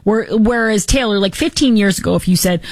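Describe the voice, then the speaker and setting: Female host, mid-pitched, biting sarcastic delivery, dead-dry booth sound. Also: a little fast, dry recording. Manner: sarcastic, mocking, animated. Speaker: political commentary host. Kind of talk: opinionated political commentary.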